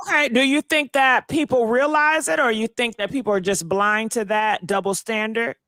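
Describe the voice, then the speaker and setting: A woman hosting a call-in talk show, briskly steering callers and affirming them with short replies. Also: fairly high pitch, fairly bright tone, no echo. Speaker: host.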